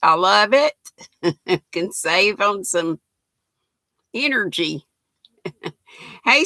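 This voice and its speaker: A woman's voice: mid-range voice, sharp tone, no echo. An older woman, chatting folksily with viewers and reading their comments on a knitting livestream, laughing often. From United States.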